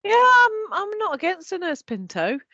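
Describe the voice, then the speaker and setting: A woman co-hosting a podcast, chatting in an animated, sweary way and laughing often. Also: very high-pitched, moderate pace, no room sound, muffled recording. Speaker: podcast co-host. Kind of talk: casual chat.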